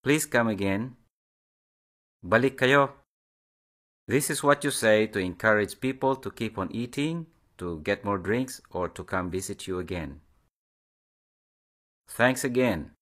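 A man narrating a recorded language lesson in a deliberate, measured way, pausing after each phrase. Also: fairly low pitch, lively intonation, fairly bright tone.

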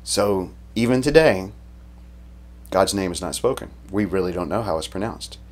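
Male pastor, lowish voice, conversational sermon, casual retelling, frequent restarts. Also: normal speed.

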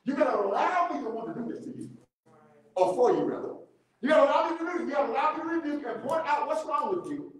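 A man leading a church Bible study, animated, repeating key words and laughing often as he teaches. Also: very high voice, fast talker. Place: church room. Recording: very echoey church room.

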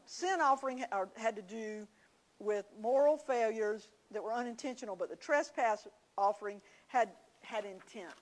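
A woman's voice: fairly high pitch, poor audio. A woman teaching a church class, telling homey stories with confiding asides. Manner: folksy storytelling, confiding asides.

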